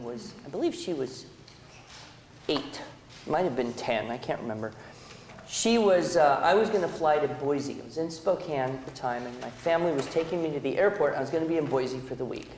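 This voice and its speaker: A man giving a talk to an audience, animated and conversational, with frequent rhetorical questions. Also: fairly high pitch, a little hiss or hum. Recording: echoey hall, room reverb.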